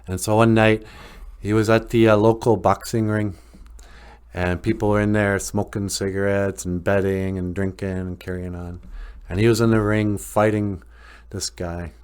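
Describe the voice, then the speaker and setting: Smooth and lowish, a male podcast host's voice moves at a moderate pace through a loosely told story. He sounds relaxed, with lots of fillers and the occasional chuckle.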